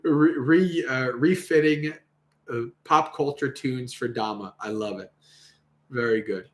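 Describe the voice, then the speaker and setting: A man with a medium-pitched voice speaks a little slowly as he hosts a livestream, reading from a Buddhist sutta. He adds casual commentary, laughs frequently, and performs the quoted lines, all with a roomy echo.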